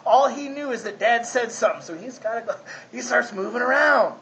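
Man, pastor, folksy conversational sermon, high voice, bright tone. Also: lively intonation, a little fast, vocal fry, slight background noise, rough recording. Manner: folksy, asks the congregation 'right?'.

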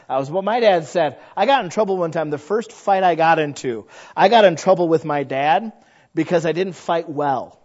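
A man's voice: on the high side, normal speed. A man in his thirties preaching a sermon, telling stories and acting out the voices of the people in them. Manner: animated storyteller who acts out quoted voices. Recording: slightly dull lo-fi sound.

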